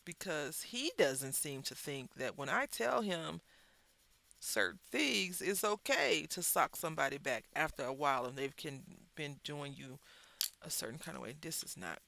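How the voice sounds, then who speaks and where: Bright, gravelly-voiced woman telling chatty stories. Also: low voice, moderate pace. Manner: chatty, animated, wry asides. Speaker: craft channel host. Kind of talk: casual storytelling while crafting. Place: at a craft table.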